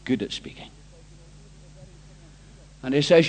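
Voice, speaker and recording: A man's voice: sits high, sing-song, measured pace, pauses often, slightly rough. A man preaching an evangelistic sermon, earnest and emphatic, repeating key phrases and questioning his listeners directly.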